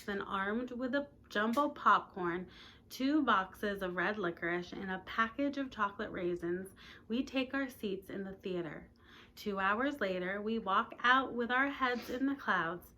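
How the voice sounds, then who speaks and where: A woman's voice: medium pitch, measured pace, pushed and bright, a little hiss or hum. A woman, a teacher, reading a novel aloud and breaking off for chatty asides to her listeners.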